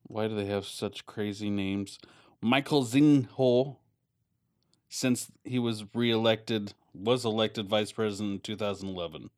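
Casual podcast co-host, man, low voice, dry close sound, stumbles while reading. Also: steady tone, a little slow, a little mellow, dry recording. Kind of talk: casual chat, reading a news story aloud.

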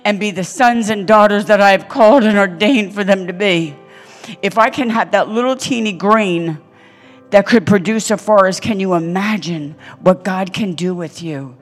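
An older woman delivers a sermon with an emphatic, storytelling drive, her voice sitting a little low for a woman. She swings from quiet asides to loud, pressing peaks. Soft music plays faintly underneath. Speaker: preacher. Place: church stage.

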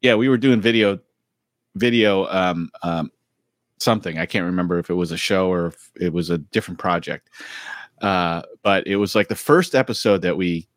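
A man's voice: low-pitched, moderate pace, no echo, studio quality. A man co-hosting a podcast, telling loose, rambling stories full of fillers. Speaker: podcast co-host. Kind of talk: casual podcast chat.

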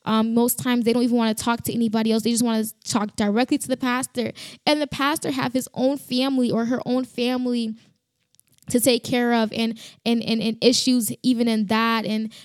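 A woman's voice: a little high, flat delivery, brisk, no room sound, studio quality. A woman hosting a faith podcast, giving a fervent, emphatic devotional talk with frequent restarts.

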